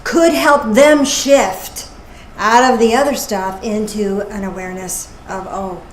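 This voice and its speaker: A woman's voice: on the high side, measured pace. Chatty, playful woman preaching in an echoey room. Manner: chatty, playful, animated asides. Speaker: minister. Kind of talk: casual sermon. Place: church service. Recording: echoey room with faint noise.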